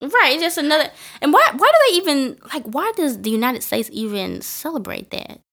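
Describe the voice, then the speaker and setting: A young woman co-hosting a podcast in casual chat, emphatic and animated, her voice climbing into exclamations. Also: high voice, brisk, creaky. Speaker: podcast co-host.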